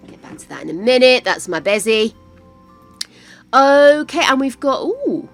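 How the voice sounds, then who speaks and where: An older woman chatting to viewers while playing a game on a live stream, easily excited. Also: sits high, a little slow, soft background music. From United Kingdom. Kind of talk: casual live-stream chat while gaming.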